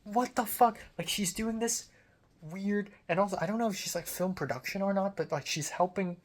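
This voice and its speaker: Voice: mid-range voice, normal speed. Rambling young film student, filler-heavy. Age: young adult. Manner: rambling, heavy use of "like" fillers, casual swearing. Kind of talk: casual storytelling monologue.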